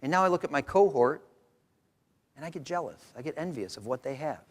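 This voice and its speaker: A man's voice: a little high, a little fast. A middle-aged man presenting research at a conference, joking and conversational, recorded in a hall. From Rochester, New York. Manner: joking, animated, conversational lecturing. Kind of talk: conference talk. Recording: hall reverb.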